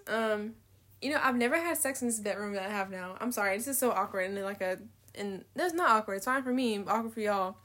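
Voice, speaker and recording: A woman's voice: medium pitch, fast, a bit bright. A young woman vlogging in a casual, candid monologue, rambling between thoughts, swearing freely and laughing often.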